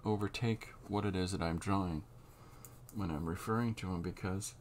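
A man talking through a drawing tutorial as he works, unhurried and halting, thinking aloud. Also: low voice, a little hiss or hum. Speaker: comic artist drawing on camera.

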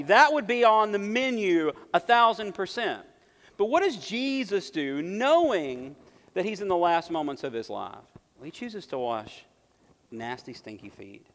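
A man preaching a sermon as pastor, animated, rising in pitch and volume to stress his points. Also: vocal fry. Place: church sanctuary. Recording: long reverb of a church sanctuary.

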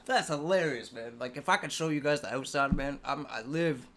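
A man from the US East Coast hosting a music reaction video, excitable and cursing often between laughs. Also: medium pitch, very noisy. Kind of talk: casual reaction commentary. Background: hip hop track playing.

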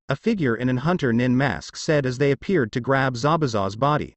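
A man's voice: medium pitch, animated, fairly quick, hardly any pauses, no echo. A man narrating a fan fiction story in a plain read-aloud manner.

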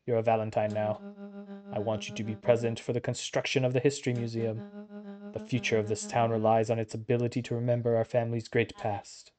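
A man's voice: medium pitch, flat delivery, a little fast, a little mellow, faint music behind, close to an everyday voice. A man doing a pompous, bossy rich matriarch. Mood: haughty. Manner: pompous, scolding. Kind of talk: reading game dialogue aloud.

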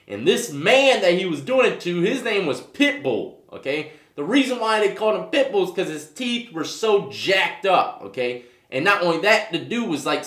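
A man with a slightly high, somewhat bright voice hosts a vlog, casually telling prison stories to the camera. He uses street slang and keeps asking "you know what I mean," with a roomy echo in the recording.

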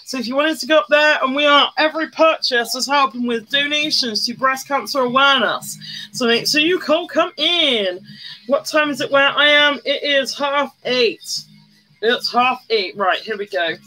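Streamer, high bright voice, chatty makeup stream, greets everyone, faint music behind. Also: normal speed. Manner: chatty, greets viewers by name, hums along to music. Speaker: livestreamer doing makeup. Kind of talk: casual livestream chat.

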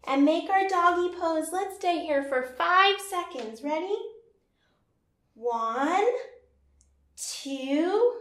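A woman leads a yoga class for small children, talking very slowly in a gentle, playful tone. Her voice sits high, and she sometimes sings a line or barks like a dog. The sound is roomy and comes from some distance away from the mic. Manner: slow, gentle and playful, with sung lines and animal sounds. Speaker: kids yoga teacher.

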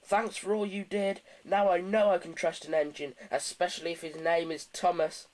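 A man's voice: sits high, flat delivery, moderate pace, natural voice, rough recording. A man voicing a cheerful, friendly little male tank engine in a storybook reading. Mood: kind. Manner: bright and friendly.

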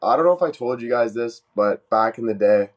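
A man casually telling a joking story on a live stream, animated and swearing freely. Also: medium pitch, brisk.

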